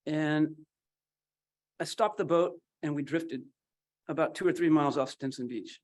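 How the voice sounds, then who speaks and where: A man speaks at a memorial gathering, telling a personal story and acting out the voices of the people in it. His voice sits a little high for a man. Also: unhurried, darkish tone. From Northern California.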